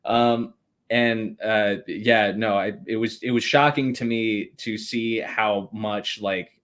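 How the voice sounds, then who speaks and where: Young guy, lowish voice, rambly podcast storytelling, swears a lot and laughs while talking. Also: steady tone, slow, a bit bright. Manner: rambling, swears often, laughs mid-sentence. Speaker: podcast guest. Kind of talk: casual storytelling chat.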